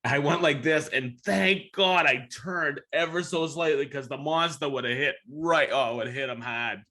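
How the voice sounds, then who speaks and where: Man, podcast host, bright and forceful, casual storyteller, profane, acts out his reactions. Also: a little high, measured pace.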